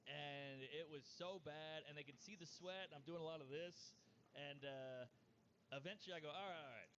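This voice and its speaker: Man, comic storyteller, swears a lot, acts out quotes, slightly high voice, dull lo-fi recording with faint hiss. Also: normal speed, a bit bright. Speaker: comedian telling a bombing story. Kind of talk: casual podcast storytelling. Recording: dull lo-fi sound with faint noise.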